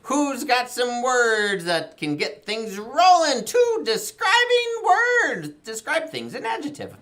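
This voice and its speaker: A woman hosts a children's library show in a playful, sing-song voice. She laughs often and acts out animal sounds while leading a song. Her pitch swoops around freely, and her pace is slow and deliberate. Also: very animated, a bit bright.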